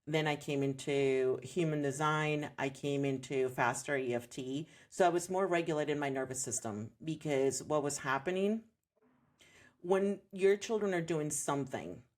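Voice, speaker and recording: A low-pitched woman's voice at normal speed belongs to a homeschooling mom in her thirties, appearing as a podcast guest. In this candid interview she reflects earnestly on her story and turns lively when she quotes someone.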